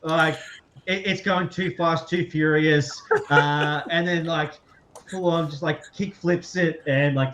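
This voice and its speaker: A man's voice: fairly high pitch, fairly bright tone, lo-fi sound, a little hiss or hum. A man running a tabletop game as game master, narrating casually with many fillers and frequent laughs.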